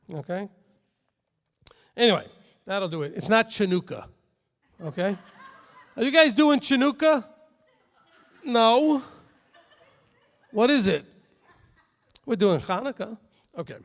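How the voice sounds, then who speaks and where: A man with a fairly high voice teaches a congregation in a chatty, joking way. He keeps checking in with his listeners with a quick "okay?". His voice carries a long hall reverb. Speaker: Torah teacher.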